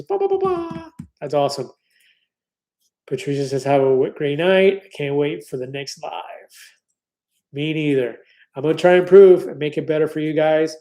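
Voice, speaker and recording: A man's voice: on the high side, warm tone. A man in his fifties hosting a casual live stream, reading viewer comments aloud in an upbeat, chatty way with many fillers and restarts. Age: 50s.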